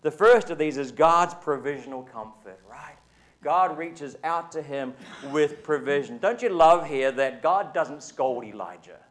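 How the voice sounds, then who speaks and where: A man's voice: fairly high pitch, animated, unhurried. A man with a New Zealand accent preaching a sermon at a church service, talking in a chatty way and often checking in with the congregation. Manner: conversational, often asks the congregation "right?". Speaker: pastor.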